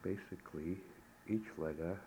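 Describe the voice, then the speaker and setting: A man giving a recorded language lesson, saying the sounds slowly and deliberately, one syllable at a time. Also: sits low, warm tone, rough recording. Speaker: language teacher. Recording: old tape recording with faint hiss.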